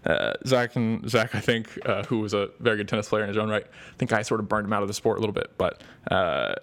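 A man's voice: on the low side, fast talker, creaky, a bit bright. A young man hosting a podcast, talking in a rambling casual monologue with many fillers and restarts. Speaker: podcast host. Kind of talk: casual thank-you monologue.

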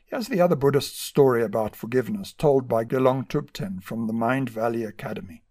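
A man hosting a podcast, narrating stories in a measured, scripted storytelling manner. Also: mid-range voice, darkish tone. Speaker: podcast host.

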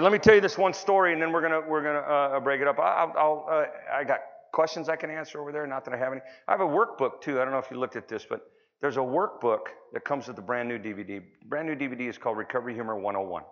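Rambling middle-aged comedian in a boomy hall. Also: male voice, quick pace. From California. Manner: rambling, self-interrupting storyteller with sudden loud bursts. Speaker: stand-up comedian. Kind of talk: stand-up comedy set. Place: conference hall. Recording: dull, boomy conference hall recording.

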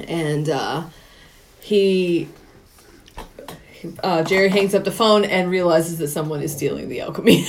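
A woman's voice: on the low side, a little slow, long pauses, slight background noise. A woman co-hosting a podcast, retelling a movie plot in casual chat, acting out the characters' lines and laughing often. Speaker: podcast co-host.

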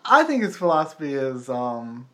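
A man's voice: medium pitch, big pitch swings, normal speed, fairly bright tone. An American man hosting a talk show, chatting casually and explaining things at length with a wry tone.

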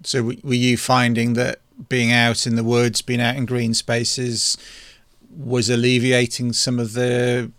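A male podcast host asks careful, probing questions in a very even, monotone voice. The sound is close and completely dry, with no room echo. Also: mid-range voice, unhurried. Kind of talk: interview questions.

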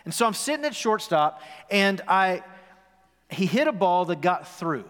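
A man's voice: sits high, sing-song, a little slow, a bit bright. A man in his forties preaching a sermon as pastor, telling a story and asking the congregation questions. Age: 40s. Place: church sanctuary. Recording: long reverb in a worship hall.

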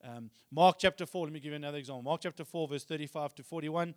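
Preaching fast in a voice on the high side, a man puts scripture into plain everyday words and reads passages with growing intensity. It's a clean studio recording carrying long hall reverb.

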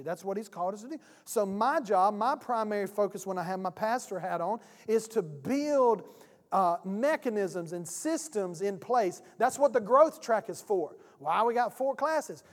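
A man preaching a sermon, a pastor telling a folksy story and acting out both sides of a phone call. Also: high-pitched. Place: church sanctuary. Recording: church hall reverb.

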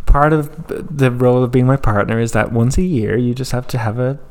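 A man's voice: mid-range voice, brisk, a little mellow, clean tone. A man co-hosting a casual chat, telling stories animatedly and laughing often. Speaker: podcast co-host.

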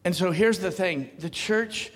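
A man preaching with a high voice, easing into low talk and then rising into loud, emphatic calls. He laughs between points. The sound rings with the long reverb of a large hall. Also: measured pace. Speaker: pastor. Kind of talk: sermon.

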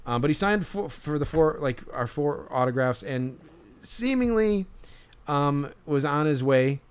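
A man's voice: on the high side, lively intonation, unhurried, clear, resonant tone. A young man hosting a podcast, telling a story in casual chat with many fillers and restarts. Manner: rambling, many fillers and restarts, laughs along. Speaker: podcast host.

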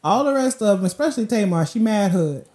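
A woman co-hosting a podcast in animated, argumentative banter. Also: mid-range voice, fast. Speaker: podcast co-host. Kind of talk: casual chat.

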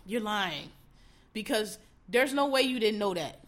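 Blunt, sharp-voiced woman ranting. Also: mid-range voice, expressive, a little slow. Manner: blunt, profane and exasperated; mocks others in put-on voices. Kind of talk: casual commentary rant.

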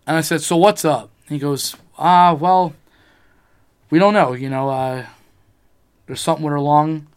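A man's voice: fairly high pitch, normal speed, smooth. A man in casual chat, telling a rambling personal story, swearing freely and acting out what people said.

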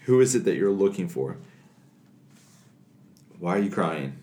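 Man, podcast co-host, lively storyteller, laughs a lot, very expressive pitch, roomy echo. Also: a little slow. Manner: animated storyteller, laughs often. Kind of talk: casual faith discussion.

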